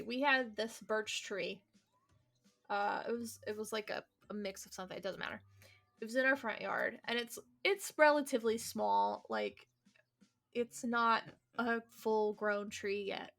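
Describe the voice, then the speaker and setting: A woman's voice: medium pitch, animated, normal speed, gravelly, fairly bright tone. A woman playing through a visual novel, reading its lines aloud and chatting casually between them, swearing now and then. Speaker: let's play streamer.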